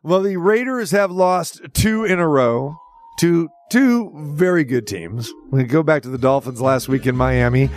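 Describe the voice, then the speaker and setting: A man's voice: on the high side, lively intonation, a little slow, darkish tone, faint music behind. Wisecracking Southern man hosting sports talk. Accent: Southern American. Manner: wisecracking, ranting, teasing. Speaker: sports radio host.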